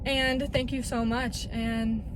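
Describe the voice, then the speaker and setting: Chatty high-voiced woman fishing outdoors. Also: slow pace. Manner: excitable, chatty, exclaims freely. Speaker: fishing vlogger. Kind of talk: casual outdoor vlog. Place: outdoors by a pond. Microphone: action camera. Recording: windy outdoor camera audio with music.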